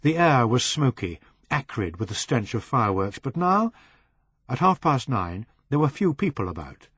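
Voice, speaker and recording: A man narrating a novel as an audiobook reader, in a measured way that slows on descriptive phrases. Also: mid-range voice, very animated, a bit bright, breathy edge, no room sound.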